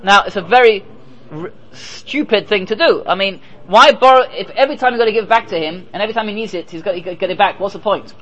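A rabbi giving a Torah class talks fast in a high, slightly bright voice, and the recording quality is low. He makes his points emphatically, raises and resolves his own rhetorical questions, and weaves in Hebrew and Yiddish terms.

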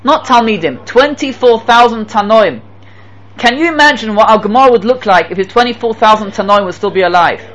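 A man's voice: sits high, lively intonation, a little fast, a bit bright, rough recording. A man teaching a Torah lecture to his students, emphatic, repeating key phrases and asking the class rhetorical questions. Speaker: yeshiva teacher.

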